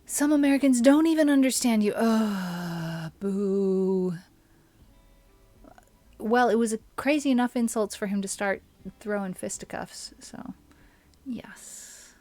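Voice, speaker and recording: A woman's voice: medium pitch, lively intonation, slow pace, warm tone, dry recording, soft background music. A young adult woman streaming a game, chatting casually and musing aloud while answering her chat.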